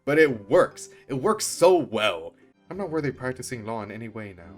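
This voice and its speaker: A man streaming a game, giving gushing, excited commentary and swearing casually. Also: mid-range voice, normal speed, faint music behind.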